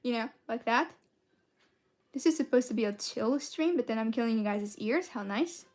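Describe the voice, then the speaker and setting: A woman's voice: on the high side, expressive, moderate pace, darkish tone. A young woman chatting casually and playfully on a live stream while she colors, giggling often. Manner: playful and giggly, jumps between topics.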